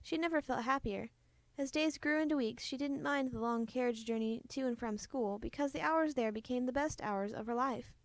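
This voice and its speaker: A woman reading a children's book aloud in a gentle, expressive storytelling manner. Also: fairly high pitch, moderate pace, few pauses, dry recording. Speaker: storybook reader.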